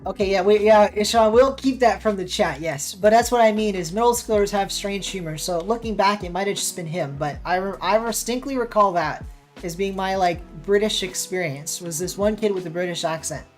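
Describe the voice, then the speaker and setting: A woman's voice: mid-range voice, a little fast, soft background music. Chatty American woman streaming a game. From United States. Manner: chatty, reacting to gameplay and chat. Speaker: streamer and caster. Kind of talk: casual live-stream chat while playing.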